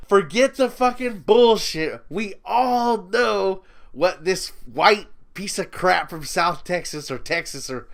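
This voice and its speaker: A man's voice: high voice, creaky, fairly bright tone. A man ranting in a commentary video, profane, mocking and sneering as he talks down to his target. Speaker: YouTube commentator.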